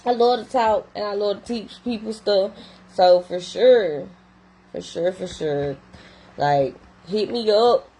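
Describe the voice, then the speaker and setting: A woman's voice: mid-range voice, a little mellow, breathy edge, poor audio. A young adult woman who works in behavior therapy, talking casually and animatedly straight to her viewers. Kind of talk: casual talk to camera.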